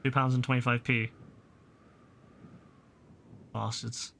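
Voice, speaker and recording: A man streaming a game live, chatting to his viewers in an excitable, slangy way and swearing casually. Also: medium pitch, takes it slowly, gravelly, slight background noise.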